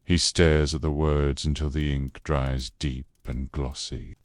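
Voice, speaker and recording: A man calmly narrating a scripted bedtime history story in a low, unhurried way. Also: dry recording, studio quality. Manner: low, calm, unhurried delivery.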